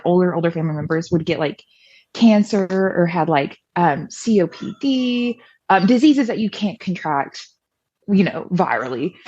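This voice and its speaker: A young woman tells her story casually, leaning on fillers and acting out what others said. Her voice sits on the low side. The recording is dry and a little dull. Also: darkish tone, no room sound. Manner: chatty, many fillers, acts out quoted voices. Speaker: podcast guest.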